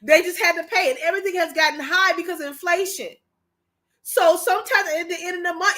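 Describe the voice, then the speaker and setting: Her voice extremely high and sharp, a Michigan woman talks fast while hosting a casual livestream. She presses her points on viewers with emphasis and repetition, sounding emotional and preachy.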